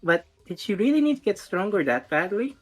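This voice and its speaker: A woman's voice: medium pitch, sing-song, a little fast, slightly rough, faint music behind. Makoto, an earnest boy read by a woman. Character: teenage boy detective, earnest and polite. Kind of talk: reading game dialogue aloud.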